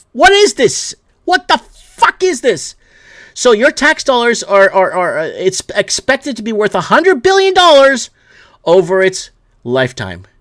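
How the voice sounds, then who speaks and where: Man ranting angrily, high lively voice. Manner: angry, profane ranting, reading headlines aloud; stumbles and repeats himself when worked up. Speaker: host. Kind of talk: solo news commentary show.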